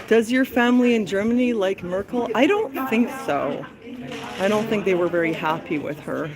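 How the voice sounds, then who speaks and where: A woman's voice: medium pitch, normal speed, crowd noise. Chatty woman vlogging on an uphill walk. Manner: chatty, breathless from climbing, yawning. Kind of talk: walking travel vlog. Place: outdoors in a hilly lakeside town.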